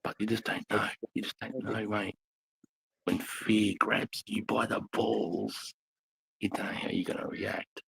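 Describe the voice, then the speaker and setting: A man's voice: lowish voice, fairly even intonation, measured pace, creaky, background noise. A middle-aged man with an Australian accent, a veteran telling blunt, swearing war stories in casual bar chat. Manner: blunt, heavy swearing, intense.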